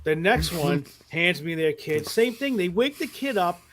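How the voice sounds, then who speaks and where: High-voiced, animated man telling stories. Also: measured pace, a little hiss or hum. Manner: animated, profane, laughs through his stories. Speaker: podcast guest who works as a mall Santa. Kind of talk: casual podcast storytelling.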